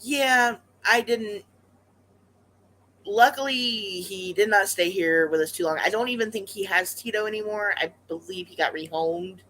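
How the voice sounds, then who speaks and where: Casual vlog storytelling, rambling, lots of fillers and restarts, mid-pitched voice, chatty. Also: normal speed, pushed and bright, rough recording. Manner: chatty and conversational. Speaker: pet rat vlogger.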